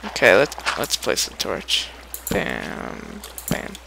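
A man's voice: on the low side, wildly swooping pitch, slow pace, vocal fry, background noise. A young man giving a casual, rambling gameplay tutorial, playful and chatty, humming little sound effects as he builds.

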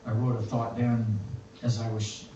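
A man preaching a sermon and reading scripture aloud in a slow, reflective way. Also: mid-range voice, completely flat delivery, warm tone, slight background noise. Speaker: pastor. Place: church. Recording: echoey, distant, muffled church recording.

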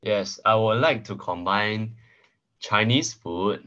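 A man's voice: lowish voice, slow, sharp tone, dull audio. A young male student answering in class, hesitant and full of fillers. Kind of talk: classroom discussion.

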